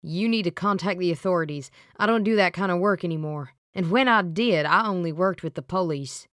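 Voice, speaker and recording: A woman voicing a grumpy older male psychic with a Southern accent and a gruff manner. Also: lowish voice, fairly quick, no echo, studio quality, natural voice. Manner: gruff, then softening.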